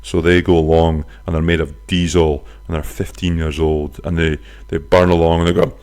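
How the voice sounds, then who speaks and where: A man hosting his own podcast, chatting casually from his flat, telling stories with silly voices and some swearing. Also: sits low, moderate pace. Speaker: podcast host. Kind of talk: casual solo podcast chat. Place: flat near a bus stop.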